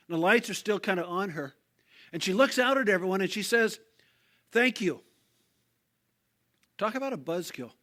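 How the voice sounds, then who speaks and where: A man's voice: sits high, a bit bright. An older man, a pastor, preaching a sermon as a conversational story, with frequent fillers and restarts.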